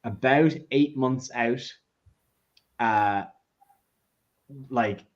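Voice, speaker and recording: A man's voice: mid-range voice, very slow. Chatty man hosting a whiskey tasting. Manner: chatty anecdotes, acts out quoted people. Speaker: whiskey tasting club host. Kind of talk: casual chat, livestream tasting. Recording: dull lo-fi sound.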